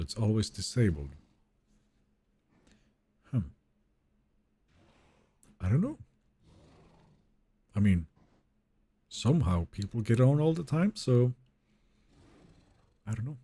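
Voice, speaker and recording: A man's voice: medium pitch, expressive, measured pace, pauses often, dark tone, husky. A man streaming a game live, chatting casually and reading viewer messages aloud in a wry, joking way that trails off into mumbles.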